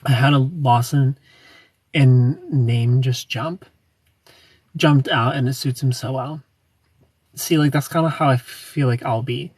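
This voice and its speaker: A man's voice: medium pitch, unhurried, pauses often, darkish tone, slightly rough, no echo, recorded from a distance. A young man hosting a casual livestream, chatting and giggling as he greets viewers by name. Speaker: livestream host. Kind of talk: casual livestream chat reading comments.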